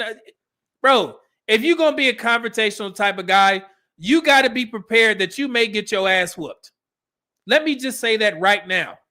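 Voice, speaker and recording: A man's voice: high-pitched, bright, forceful tone. A middle-aged man from California, hosting a casual commentary stream and giving blunt, profane advice. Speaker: host.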